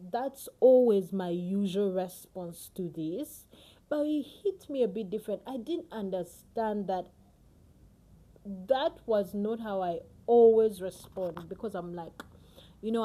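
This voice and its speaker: A woman giving a personal devotional Bible teaching, earnest and emotional, often sinking to a hushed near-whisper. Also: a little high.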